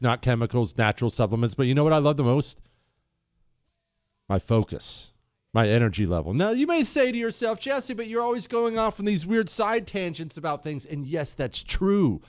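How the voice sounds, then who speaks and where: A man's voice: mid-range voice, a little mellow, dry recording, studio quality. Brash sarcastic male radio host. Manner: brash, sarcastic, mocking impressions. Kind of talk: opinionated radio talk.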